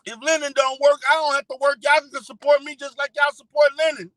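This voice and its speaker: A man's voice: very high-pitched, little pitch movement, fast talker, fairly bright tone, no room sound, pitched above the performer's own voice, rough recording. A man doing a whiny mock-crying pastor. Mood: indignant. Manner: mock-tearful, pleading, swearing. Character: whiny self-pitying middle-aged male pastor begging. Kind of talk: parody impression.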